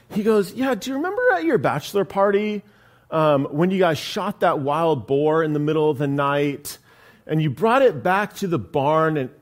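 A man from California, a pastor, telling a personal story in a sermon with humor and acted-out voices. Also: fairly high pitch. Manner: animated storyteller, acts out voices, self-deprecating humor.

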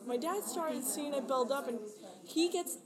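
A woman's voice: high-pitched, unhurried, a crowd in the background. A woman in her late twenties, a podcast guest, telling a candid personal story in an emotional, rambling way with frequent laughter. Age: 20s.

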